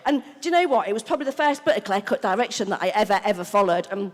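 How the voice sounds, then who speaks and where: A middle-aged woman from the UK, giving a frank, animated recovery testimony as main speaker, laughing, swearing and acting out what people said. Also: mid-range voice, rapid-fire. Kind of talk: personal recovery testimony told as a story. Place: convention hall. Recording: live talk in a reverberant hall.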